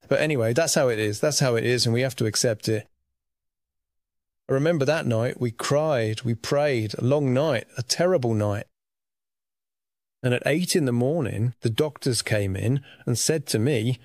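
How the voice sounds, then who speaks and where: A man's voice: mid-range voice, a little mellow, no echo, clean studio sound. A man earnestly telling his personal faith testimony about receiving a lung transplant, in a reflective storytelling manner.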